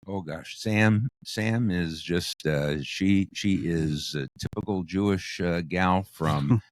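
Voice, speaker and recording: A man's voice: low-pitched, slow pace, dry recording. A man from Queens, New York, co-leading a ministry, chatting casually with brief joking interjections. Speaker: ministry co-leader. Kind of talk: casual chat.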